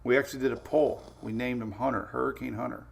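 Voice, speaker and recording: Male weather-stream host, gravelly and easygoing, chuckles between chat replies. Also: mid-range voice, fairly even intonation, quick pace. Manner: laid-back, chuckling, answers viewer comments. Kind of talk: casual live-stream chat.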